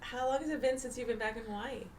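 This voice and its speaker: A woman's voice: fairly high pitch, fairly even intonation, quick pace, a little mellow. A woman from Texas, a comedian guest on a podcast, chatting casually with wry, dry asides and frequent laughter. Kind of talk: casual chat. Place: podcast studio.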